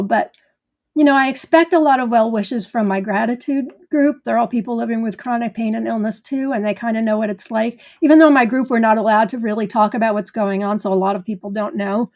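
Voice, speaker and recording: A woman's voice: on the high side, fairly quick, darkish tone. A woman hosting a live gardening stream in casual chat, greeting viewers by name in a chatty way.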